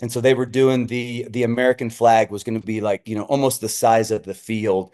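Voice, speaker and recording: A man's voice: medium pitch, brisk. A middle-aged man, a senior pastor, telling stories as a guest in a casual podcast chat, acting out the voices of people he quotes. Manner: animated, acts out quoted voices.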